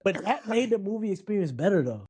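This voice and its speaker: A man's voice: high voice, fast, slightly rough. A man co-hosting a casual film review chat, telling stories animatedly and acting out lines. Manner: animated storyteller, recounts scenes and mimics lines. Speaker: podcast co-host reviewing a film.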